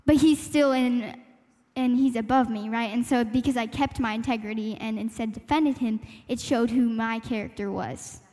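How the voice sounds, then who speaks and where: A young woman with a high, bright-pitched voice speaks earnestly at a church youth meeting. She is reflective and thinks aloud, with little laughs and fillers. The sound carries a long hall reverb. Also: fairly even intonation, moderate pace. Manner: reflective, laughs lightly, talks through her thoughts with fillers. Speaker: panel speaker sharing a testimony.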